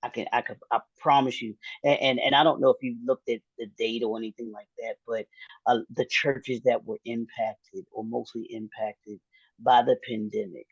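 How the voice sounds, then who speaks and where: A man's voice: mid-range voice, fairly even intonation, normal speed, slightly rough, dry recording, muffled recording. A man hosting an interview, earnest and repeating himself for emphasis. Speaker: show host.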